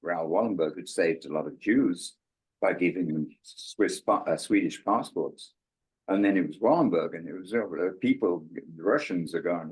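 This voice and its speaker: Speaking at a normal speed in a slightly rough voice, an older English musician guest spins lively tales during a casual interview. He acts out quoted speech with large pitch swings, captured on a rough recording.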